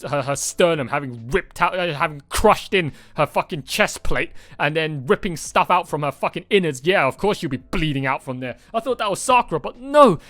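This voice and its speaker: Excitable, rambling man reacting to a movie. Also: high voice, dry recording. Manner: excited, rambling, swears often, many restarts. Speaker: reaction channel host. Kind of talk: casual movie reaction chat.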